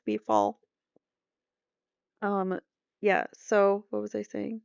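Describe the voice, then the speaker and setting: Gravelly-voiced woman recapping a trial. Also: mid-range voice, little pitch movement, takes it slowly, pauses often, dry recording, dull audio. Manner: conversational, reads quotes aloud, trails off into asides. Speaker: true crime channel host. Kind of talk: casual commentary recap. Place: home room.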